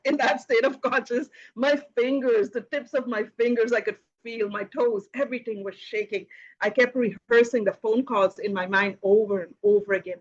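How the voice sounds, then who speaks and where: A woman hosts a live Q and A and tells a personal story in a relaxed, chatty way. She fills her talk with "you know" and laughs lightly. Her voice sits at an everyday middle pitch, and the livestream audio sounds a little dull and lo-fi. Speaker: host of a live Q and A.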